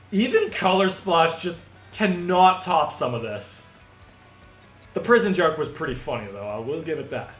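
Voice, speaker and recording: A man giving casual, joking and sarcastic gameplay commentary between reading dialogue aloud. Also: high voice. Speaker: game streamer. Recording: echoey room with game music.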